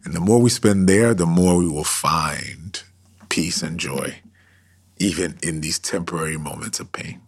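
A man preaching and praying in a livestream devotional, swinging between loud declarations and hushed whispers. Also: low voice, unhurried, vocal fry, slightly rough. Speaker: pastor. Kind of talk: devotional livestream sermon and prayer.

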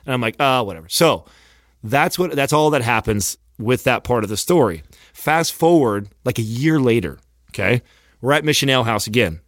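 A man tells a rowdy story in casual talk, swearing freely and acting out each line of dialogue. His voice sits at an ordinary middle pitch. The mic is close and dry. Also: moderate pace, no room sound. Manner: animated, profane, acts out quotes.

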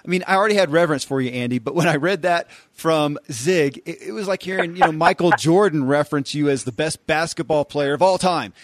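Brief: eager male host, fairly high voice, dry close sound. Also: a little fast, hardly any pauses, no echo. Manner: enthusiastic, gushing. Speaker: podcast host. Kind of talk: interview introduction.

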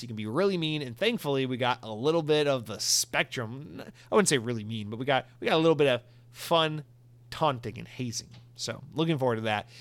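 A man's voice: mid-range voice, no room sound. A man hosting a solo gaming news podcast, chatty and joking, slightly out of breath. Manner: chatty, joking, animated asides. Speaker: podcast host.

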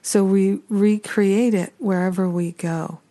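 A woman hosting a spiritual talk show, speaking gently and repetitively, with some passages like a prayer. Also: mid-range voice, steady tone, slow. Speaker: spiritual teacher and podcast host.

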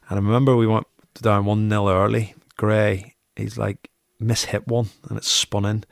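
A man's voice: fairly low pitch, level tone, moderate pace, creaky, hardly any pauses, dry recording, clean studio sound. A man who used to be a goalkeeper, telling football stories in a chatty, anecdotal interview, often repeating himself. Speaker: former goalkeeper, interview guest. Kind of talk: casual storytelling interview.

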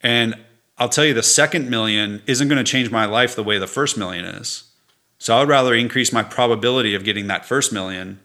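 A middle-aged man talks with a bright, forceful edge in a slightly low register. He is earnest and reflective, an interview guest telling his own story frankly and now and then laughing through it. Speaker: podcast guest, entrepreneur. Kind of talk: candid conversational interview.

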